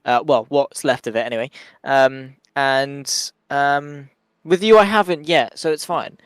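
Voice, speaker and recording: A man's voice: medium pitch, clear, resonant tone, dry recording, studio quality. A man commentating a sim race, reading out results and swapping teasing banter with his co-commentator. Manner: brisk results rundown, teasing.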